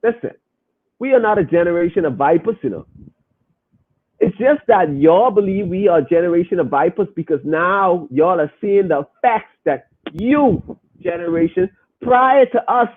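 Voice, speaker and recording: A young man with a somewhat high, husky voice talks in an earnest and emphatic way as he hosts a casual podcast. His speech is informal and direct. The sound is narrow and thin, like a phone line. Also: animated, normal speed. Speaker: podcast host. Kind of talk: casual live podcast talk.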